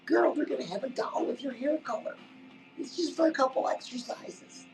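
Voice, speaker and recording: A woman's voice: high voice, normal speed, a little mellow, far from the mic, faint music behind, low-quality recording. A woman giving a chatty live-stream pep talk as a life coach, keeps calling the listener "girl" and saying "listen".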